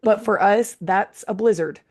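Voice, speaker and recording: A woman's voice: mid-range voice, measured pace, breathy edge. A woman, co-hosting a podcast in an easygoing, earnest way. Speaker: podcast co-host. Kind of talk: casual chat.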